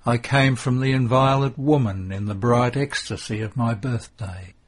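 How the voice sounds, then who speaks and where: A man's voice: mid-range voice, husky. A man voicing Jesus as a solemn, tender figure bidding farewell, in a devotional audiobook reading. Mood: sorrowful, tender. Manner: slow, grave and tender.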